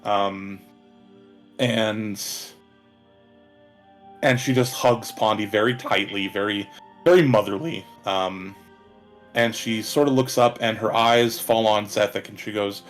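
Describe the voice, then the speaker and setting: A man's voice: lowish voice, slow pace, pauses often, faint music behind. Man narrating as game master. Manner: relaxed, many fillers.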